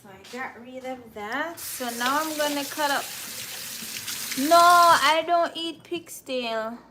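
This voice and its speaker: A woman's voice: high-pitched, takes it slowly, noisy background. A young Jamaican woman with a Jamaican accent, chatting with viewers on a cooking livestream and answering their comments. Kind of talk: casual live-stream chat while cooking.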